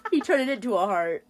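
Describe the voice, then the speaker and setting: A woman's voice: on the high side, heavy background noise. A woman co-hosting a podcast, chatting casually with blunt, joking remarks. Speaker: podcast co-host. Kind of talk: casual chat.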